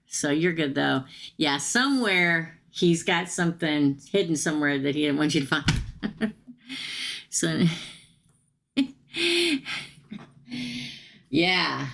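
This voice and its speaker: A middle-aged woman with a low, gravelly voice gone hoarse, talking slowly through a casual live tarot reading. She chats familiarly with the viewer and laughs often. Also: fairly bright tone. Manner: chatty, laughs often, calls the viewer "girl". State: hoarse, losing her voice. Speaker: tarot reader hosting a live stream.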